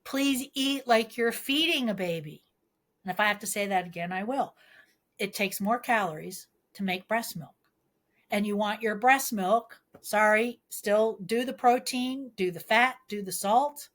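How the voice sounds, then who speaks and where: Earnest midwife woman, mid-pitched voice. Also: unhurried, a bit bright. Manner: earnest, explains with homely analogies; pleading, emphatic advice. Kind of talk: podcast interview, explaining.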